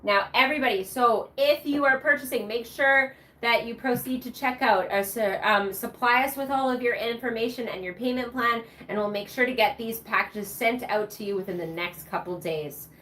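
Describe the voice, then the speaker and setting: A woman's voice: on the high side, moderate pace, hardly any pauses, a bit bright. A woman hosting a live shopping show, bubbly and chatty, cheering during the prize wheel spins. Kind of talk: upbeat live sales presentation.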